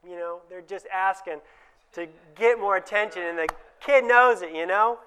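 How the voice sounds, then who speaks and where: Smooth-voiced man giving a lively talk. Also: high voice, normal speed. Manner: conversational, acts out little dialogues with changed voices. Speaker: dentist giving a presentation. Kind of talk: conference talk to dentists.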